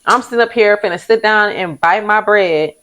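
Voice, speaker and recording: A young woman talks into the camera in a loose, confessional way. Her voice sits at an ordinary middle pitch, and she keeps things frank and chatty, often laughing as she goes. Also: normal speed, fairly bright tone, poor audio. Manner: candid, chatty, uses southern US vernacular, laughs often. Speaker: vlog host. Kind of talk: casual confessional chat.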